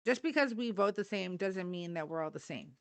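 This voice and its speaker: A woman's voice: mid-range voice, lively intonation, brisk. Blunt, fired-up woman streamer. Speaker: livestream host. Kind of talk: live political talk stream.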